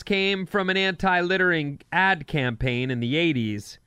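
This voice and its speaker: A man's voice: moderate pace, clean tone, dry recording, clean studio sound. A man hosting a radio show, telling stories in casual banter and jumping into other voices as he goes. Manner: animated storyteller, jumps in pitch for voices.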